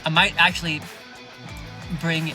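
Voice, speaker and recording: A man's voice: a little high, level tone, unhurried, over music. A man, a fitness coach hosting his own podcast, talking bluntly and sarcastically with plenty of swearing and lots of "you guys.". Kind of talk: podcast monologue.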